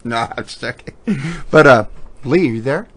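A man's voice: medium pitch, moderate pace, a bit bright. A man hosting a podcast in casual chat, teasing, swearing and laughing often. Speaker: podcast host. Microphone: Skype call recording.

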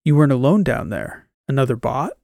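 A man's voice: mid-range voice, sing-song, a little fast, gravelly, dark tone, no echo, clean studio sound. A man voicing a curious, businesslike male officer who asks matter-of-fact questions.

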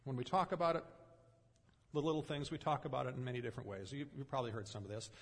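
A man preaching a sermon in an earnest way, pausing often and letting his voice drop softly at the ends of phrases. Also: medium pitch, long reverb tail. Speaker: pastor.

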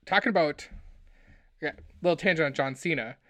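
A man co-hosting a casual pop-culture podcast, talking in excitable, joking rants. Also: fairly high pitch, brisk, no room sound. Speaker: podcast co-host.

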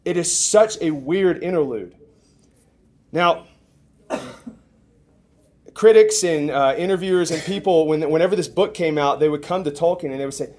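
A young man preaching with a fairly high voice. He tells a story in a lively way, building to loud excitement and then dropping to a hushed intensity. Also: moderate pace. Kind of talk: sermon.

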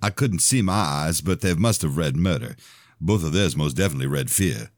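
A deep-voiced man reads his own fiction aloud, telling it in first person. His pitch rises and falls a lot as he narrates. The sound is close and dry, with no room around it. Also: animated, brisk, no room sound. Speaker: author reading his own novel. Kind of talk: audiobook-style fiction reading.

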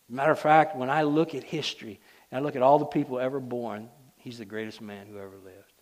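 A male preacher delivers a sermon with a middle-range voice. He builds emphatic, rising statements and then drops suddenly into soft, hushed lines to let a point land. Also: medium pitch, steady tone, fairly quick. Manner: emphatic, swings between loud declarations and hushed asides.

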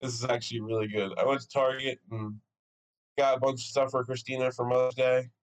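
A young man co-hosting a podcast tells a story in loose, casual chat, swearing and laughing often with plenty of animation. His voice is medium-pitched and fairly quick, and the audio quality is poor.

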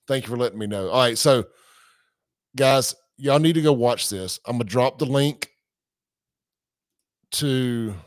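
A man hosting a livestream podcast, chatting loosely and reading out viewer comments and quotes. His voice sits at an ordinary middle pitch. The sound is close and dry, with no room around it. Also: no room sound. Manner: casual, conversational, reads comments and quotes aloud. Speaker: podcast host.

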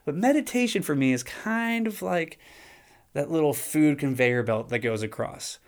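A man's voice: a little high, animated, moderate pace. A man hosting a podcast, talking in a casual, conversational monologue. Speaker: podcast host.

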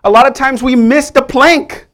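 A man's voice: very high voice, steady tone, normal speed. Emphatic male pastor preaching. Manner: swings from quiet to loud, emphatic and playful. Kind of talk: sermon.

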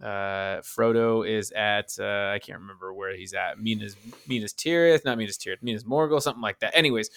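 A man's voice: lowish voice, a little fast, gravelly, hardly any pauses, a bit bright, smooth, no echo. Upbeat podcast host man, dry sound. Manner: upbeat, enthusiastic, fumbling for details. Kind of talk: casual chat.

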